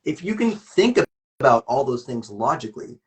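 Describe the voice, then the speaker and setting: A man's voice: mid-range voice, very animated, moderate pace. A man speaking candidly as an interview guest, earnest and rambling, with many restarts and fillers.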